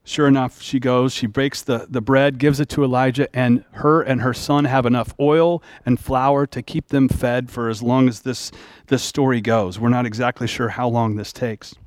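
A man's voice: mid-range voice, no room sound, clean studio sound. A man preaching a sermon as pastor, retelling a story in a plain-spoken, conversational way.

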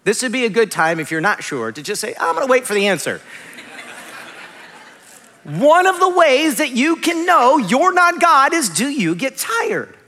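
Animated high-voiced male pastor, big hall. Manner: animated, conversational storytelling with rapid asides. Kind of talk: sermon. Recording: long hall reverb.

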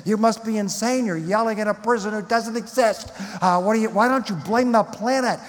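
A man voicing an angry, exasperated man who curses a God he says he denies, in shrill, mocking outbursts. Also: brisk, lightly acted. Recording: long hall reverb.

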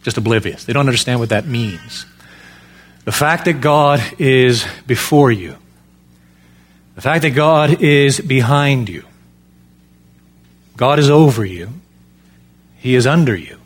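A man's voice: medium pitch, measured pace, long pauses. A man preaching an expository sermon, emphatic, with many rhetorical questions.

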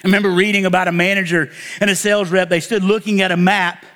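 A male pastor with a strikingly high voice delivers a sermon. His tone is bright and forceful, and he drives his points home with emphatic calls to the congregation, waiting for them to answer back. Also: quick pace. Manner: preaching with call-and-response to the congregation; animated, emphatic exclamations.

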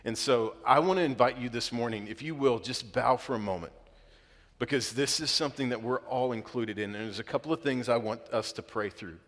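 A man's voice: medium pitch, a bit bright. Male pastor, late 30s, earnest sermon delivery with surges of emphasis, church hall reverb. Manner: earnest, builds up with emphasis, halting restarts. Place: church auditorium.

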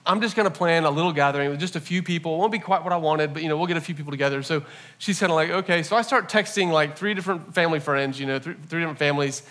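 Bright, earnest man in his forties preaching. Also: fairly high pitch, racing. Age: 40s. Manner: storytelling, animated and earnest. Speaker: pastor. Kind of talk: sermon.

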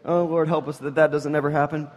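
High-voiced pastor preaching in a reverberant church. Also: male voice, quick pace. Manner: animated, swings between loud emphasis and hushed intensity; joking, storytelling asides. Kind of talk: sermon. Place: church sanctuary.

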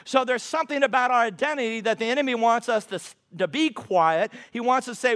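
A man with a notably high voice preaches with emphasis, stretching out his scripture quotes. He sounds middle-aged and speaks as a guest preacher. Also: brisk, few pauses, a bit bright. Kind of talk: sermon.

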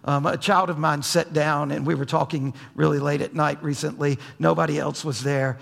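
Pastor guy preaching, high gravelly husky voice, long echo like a big church. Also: steady tone, moderate pace. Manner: wide swings from soft low asides to raised emphatic lines. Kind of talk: sermon. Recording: long hall reverb.

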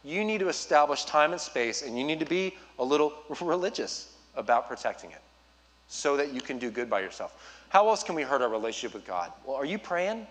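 A man preaching as a youth pastor, urging his listeners directly with an earnest, personal manner and quick asides. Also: a little high, very animated, fairly bright tone. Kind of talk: sermon.

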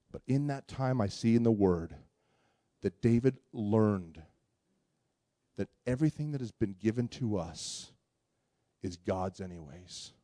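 A man preaching a sermon, telling a personal story in an animated way with many restarts before turning to scripture. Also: medium pitch, dry recording, studio quality. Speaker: pastor.

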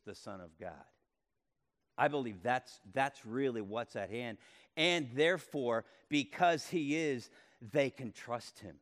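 A man preaching a sermon, swinging from loud calls to hushed tones and repeating words as he speaks. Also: mid-range voice. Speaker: pastor. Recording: long reverb of a hall.

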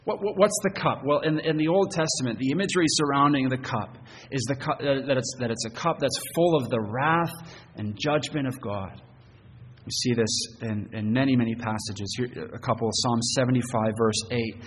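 A man preaching a sermon as pastor, earnest and halting, often repeating words as he goes. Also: medium pitch. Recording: long church reverb, faint noise.

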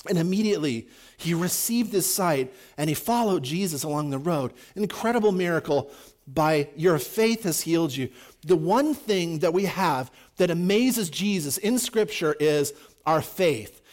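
A man preaching a sermon, lively, acting out the people in his stories with big swings in loudness. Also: moderate pace. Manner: animated, acts out quoted voices with big swings in pitch and volume. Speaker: pastor.

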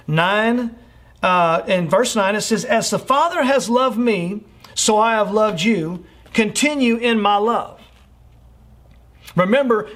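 A man with a high-pitched voice preaches a sermon as a pastor. He presses his points earnestly, repeating phrases and stumbling over fillers as he goes. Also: a bit bright. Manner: earnest, repetitive exhortation with frequent fillers.

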